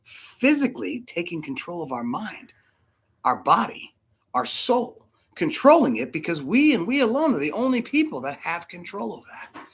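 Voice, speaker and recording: A man preaching a casual sermon, short of breath with fluid in his lungs, animated and laughing often between soft asides. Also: sits high, normal speed, husky. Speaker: pastor.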